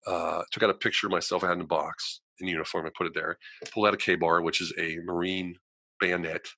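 Deep-voiced and fast-talking, this male guest animatedly relates a personal story, doing voices for those he quotes and saying "you know" often. The recording is dry.

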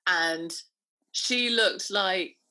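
A woman's voice: medium pitch, extremely slow, bright, forceful tone. A woman in her thirties co-hosting a podcast, chatting casually, often restarting her sentences and giggling. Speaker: podcast co-host. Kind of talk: casual chat.

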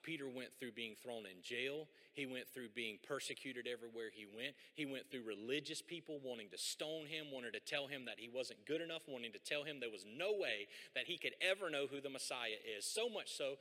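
A man preaching a sermon as a pastor, animated and conversational, with folksy asides. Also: medium pitch. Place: church sanctuary. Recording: long hall reverb.

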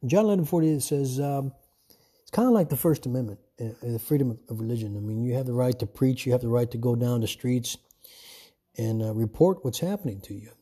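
A man's voice: medium pitch, brisk, dark tone, husky. A man giving an informal, rambling sermon from home, repeating himself and often calling his listeners "folks.". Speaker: self-made preacher. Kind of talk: informal preaching monologue.

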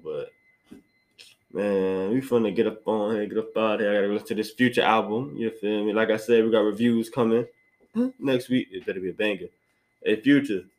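A man's voice: lowish voice, poor audio. A young man hosting his own podcast, talking in a slangy, rambling way and often repeating himself. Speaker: podcast host. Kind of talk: casual solo podcast rant.

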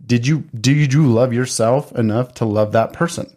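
A man's voice: medium pitch, normal speed, darkish tone. A man co-hosting a podcast, talking earnestly in casual chat, posing questions and swearing casually. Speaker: podcast co-host.

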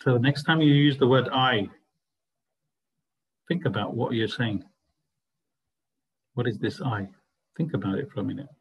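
A man's voice: medium pitch, measured pace, long pauses, muffled recording. A man teaching a spiritual study group, explaining ideas earnestly and asking the class rhetorical questions. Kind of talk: class discussion lecture.

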